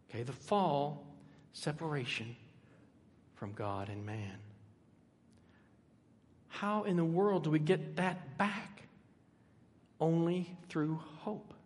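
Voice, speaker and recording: An older man preaching a sermon, emphatic, swinging between loud and soft with dramatic pauses. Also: a little high. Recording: echoey hall.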